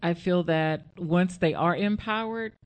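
A woman's voice: lowish voice, a little slow. Encouraging woman host, affirming. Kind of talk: casual chat.

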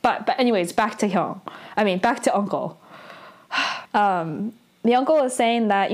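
A woman's voice: medium pitch, expressive, normal speed, long pauses. Chatty young woman recapping episodes. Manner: chatty, full of "like" and "you know", laughing often. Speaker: drama recap vlogger.

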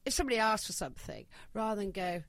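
A woman's voice: medium pitch, big pitch swings, fast talker, dry recording. A woman from Britain, a podcast guest and business founder, chatting casually, laughing often and acting out dialogue.

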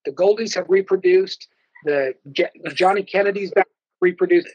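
Animated, higher-voiced man telling stories. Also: normal speed, dry recording, highs cut off. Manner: animated storyteller who laughs often. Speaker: podcast guest. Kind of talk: casual storytelling chat.

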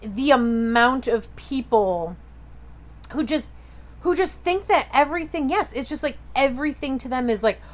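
A woman's voice: high voice, lively intonation, moderate pace. A young woman co-hosting a casual podcast, rambling, restarting her sentences and swearing casually. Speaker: podcast co-host.

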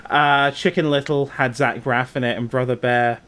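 A man's voice: medium pitch, steady tone, moderate pace, fairly bright tone, a little hiss or hum. A man co-hosting a podcast, chatting casually and wryly. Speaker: podcast co-host.

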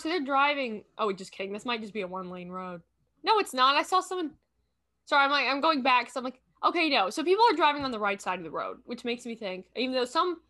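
A woman playing a guessing game, chatting casually and thinking out loud, often correcting herself mid-sentence. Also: sits high. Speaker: game streamer. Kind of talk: casual gameplay chat.

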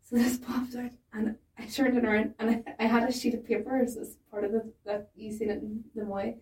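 A young woman, a stand-up comic, talks fast and animatedly and swears freely. Her voice sits a little high. She sounds roomy and set back from the mic. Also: distant mic. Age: 20s. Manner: animated, swearing, quick storytelling. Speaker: stand-up comedian. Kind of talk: casual podcast chat.

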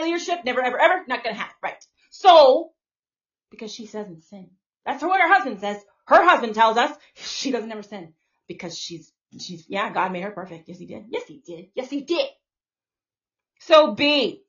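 A woman preaching live as a self-styled prophetess, confrontational and cursing, swinging between loud outbursts and quiet, muttered lines. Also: fairly high pitch, recorded from a distance, muffled recording. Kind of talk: fiery profane live preaching.

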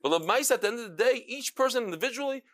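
Animated high-voiced male Talmud teacher. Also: very fast. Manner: animated, acts out quoted speakers, mixes Hebrew and Yiddish terms. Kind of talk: Talmud class lecture.

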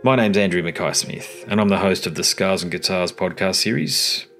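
A man's voice: sits low, moderate pace, fairly bright tone. A man closing his podcast, chatty and speaking straight to his listeners. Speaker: podcast host. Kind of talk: podcast outro. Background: faint music.

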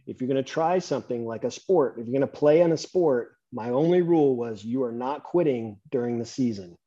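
Middle-aged male host, husky and warm-toned, easy storyteller; slightly muffled lo-fi audio. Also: mid-range voice, fairly quick. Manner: relaxed storytelling, acts out dialogue. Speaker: podcast host. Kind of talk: conversational interview. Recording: dull lo-fi sound.

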